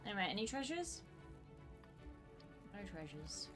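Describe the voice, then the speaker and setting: A woman's voice: mid-range voice, big pitch swings, measured pace, a bit bright, soft background music. A woman in her twenties chatting casually while streaming a game, rambling with many fillers. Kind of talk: casual gaming stream chat.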